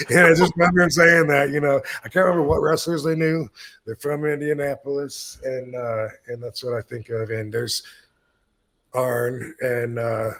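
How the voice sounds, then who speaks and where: A man's voice: medium pitch, steady tone, moderate pace, fairly bright tone. A man in his fifties hosting a podcast, telling a story in a laid-back, rambling way and swearing freely. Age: 50s. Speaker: podcast host. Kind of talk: casual storytelling.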